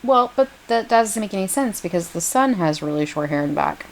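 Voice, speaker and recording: A woman's voice: mid-range voice, animated, a little fast. A woman co-hosting a podcast, mostly giving short agreeing replies and dry quips in casual chat. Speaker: podcast co-host.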